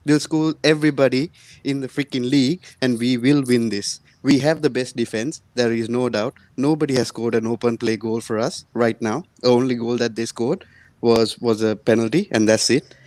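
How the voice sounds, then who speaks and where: A man's voice: medium pitch, a little mellow, no room sound. A man calling in to a fan chat show, speaking in a boastful, confident way. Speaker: caller.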